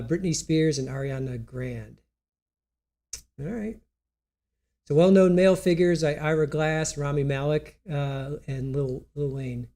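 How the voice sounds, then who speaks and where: A man hosting a live stream in casual chat, rambling, laughing often and reading aloud haltingly, with a stuffy nose. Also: a little high, dark tone.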